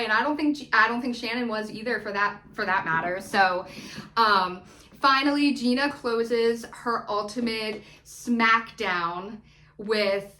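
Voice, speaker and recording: A woman's voice: medium pitch, bright, forceful tone, a little hiss or hum. A woman hosting a casual, hyped reality TV recap on her channel, chatty and playful, cheering people on. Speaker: YouTube recap host. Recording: echoey room.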